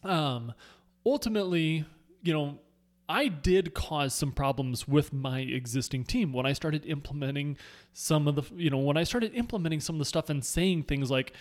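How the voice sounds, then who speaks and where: A man who leads a sales team, talking through advice in a casual, animated way and often repeating words while he searches for phrasing. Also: a little high, moderate pace. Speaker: network marketing team leader.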